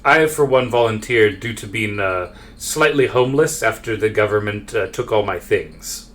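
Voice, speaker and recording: A scornful young enforcer in a homebrew tabletop game, put on by a man running it. He speaks curtly, pitched a little above the man's usual voice. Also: moderate pace, a bit bright, close to an everyday voice. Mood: stern. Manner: scornful, curt. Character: young man around 23, stern group enforcer.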